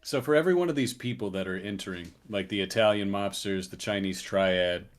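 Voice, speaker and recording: A man at a tabletop game asks the game master questions in a relaxed, curious way. He sounds easygoing. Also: lowish voice, a little fast. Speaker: player. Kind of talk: casual tabletop play.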